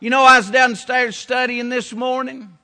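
A man's voice: very high voice, flat delivery, normal speed, sharp tone. A middle-aged man preaching a sermon in a folksy, down-home way, repeating his phrases for emphasis. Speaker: pastor.

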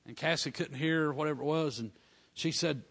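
A man's voice: fairly high pitch, breathy edge. Fervent preacher man. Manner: fervent, building to loud praise shouts; folksy dialect, drawn-out emphasis. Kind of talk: storytelling sermon.

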